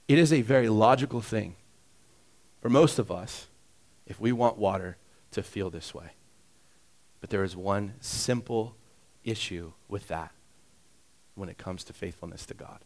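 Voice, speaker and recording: A pastor giving a conversational sermon, shifting between hushed asides and loud emphatic passages. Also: male voice, lively intonation, moderate pace. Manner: swings from hushed, intimate asides to loud, high-pitched emphasis; conversational, with fillers and direct questions to listeners.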